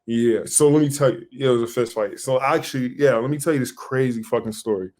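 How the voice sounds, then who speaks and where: Young man, podcast co-host, casual storytelling, animated, cursing, mid-pitched voice. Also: fast. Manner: animated, swears a lot, acts out his own past lines.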